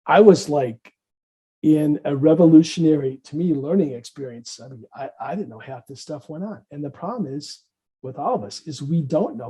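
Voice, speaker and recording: A middle-aged psychiatrist from the Midwest, guesting on an interview, tells a story with plenty of life. He acts out the lines of everyone in it, putting on voices as he goes. His voice sits a little high for a man, with a dark, mellow colour. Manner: animated, acts out dialogue in different voices.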